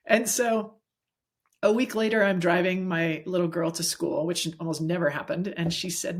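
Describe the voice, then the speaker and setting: Middle-aged woman guest, lowish voice, earnest anecdotal storyteller, conversational. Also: normal speed. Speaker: guest, executive coach. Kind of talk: casual interview chat.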